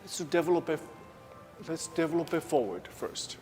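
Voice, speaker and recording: A man's voice: a little high, lively intonation, normal speed, a little mellow. A man teaching a ballet class, counting beats aloud and calling out cues between short explanations. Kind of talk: live dance class instruction. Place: large dance studio. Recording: echoey studio, piano music behind.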